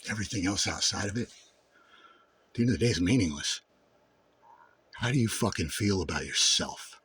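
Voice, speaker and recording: A man giving a raw personal monologue to camera, intense and full of swearing, dropping low and brooding, then rising to shouts. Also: lively intonation, normal speed, a little hiss or hum. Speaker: vlogger.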